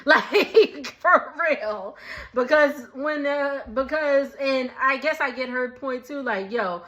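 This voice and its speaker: Young woman host, bright slangy recap voice, frequent laughter, loose casual retelling. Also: high voice, slow pace, lo-fi sound.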